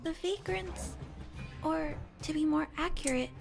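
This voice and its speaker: A woman voicing a kind young girl who fixes robots, speaking softly, earnestly and thoughtfully. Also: high-pitched, unhurried, creaky, faint music behind. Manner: soft, earnest, thoughtful explaining.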